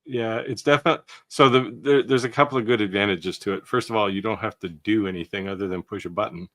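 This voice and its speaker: Sex: man. Role: co-host of a live maker Q&A. Style: casual live chat. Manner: explains technical details plainly. Pitch: low. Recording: dry, close sound. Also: fast talker, fairly bright tone, dry recording.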